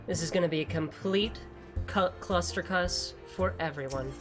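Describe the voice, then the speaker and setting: A woman's voice: fairly low pitch, normal speed, over music. A woman streamer giving casual gameplay commentary, rambling, joking and swearing freely. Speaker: gaming streamer.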